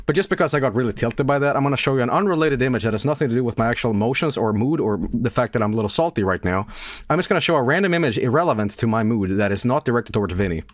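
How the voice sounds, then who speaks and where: A man's voice: mid-range voice, animated, racing, no echo. A man streaming a reaction to a video, chatting casually in a sarcastic, laughing, rambling way.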